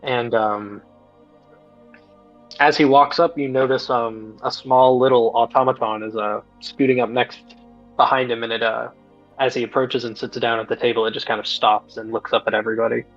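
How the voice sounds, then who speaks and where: A man playing in a tabletop game, describing his character in a halting way that corrects itself. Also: medium pitch, steady tone, dull audio, soft background music. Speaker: player.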